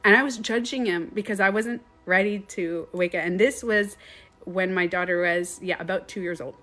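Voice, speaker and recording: Woman, meditation coach, casual live-stream storytelling, animated, swears a lot, laughs often, mid pitch. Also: moderate pace, soft background music.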